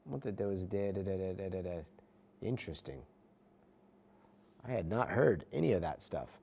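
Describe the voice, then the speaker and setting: A man's voice: deep voice, expressive, normal speed, creaky, darkish tone. A middle-aged man, a news anchor, chatting casually with livestream viewers from a studio, self-mocking and reading comments aloud.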